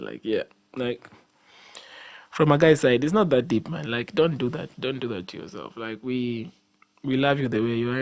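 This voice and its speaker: A young man with a Kenyan accent talks alone on his podcast in a mid-pitched voice. He rambles and restarts his sentences, often slipping into a preachy, exhorting tone. He sounds sleepy after a long day. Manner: rambling, repeats himself, frequent restarts and fillers. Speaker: podcast host. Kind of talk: casual solo podcast monologue.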